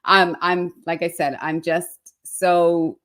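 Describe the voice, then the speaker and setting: A woman's voice: lowish voice, fairly even intonation, takes it slowly, a bit bright. A woman hosting an online interview show, effusive and fumbling over her words, with many fillers. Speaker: show host.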